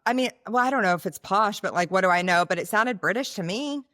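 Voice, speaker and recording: A woman's voice: medium pitch, fast talker, bright, forceful tone. A woman co-hosting a podcast, gushing and playful, with lots of fillers. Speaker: podcast co-host. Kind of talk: casual chat.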